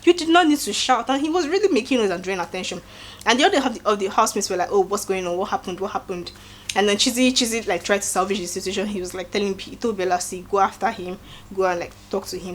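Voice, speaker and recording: A woman with a Nigerian accent giving a casual recap, acting out quotes in an animated way and adding preachy asides. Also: mid-range voice, fast, a little hiss or hum. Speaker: show recap host. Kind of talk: casual reality-show recap.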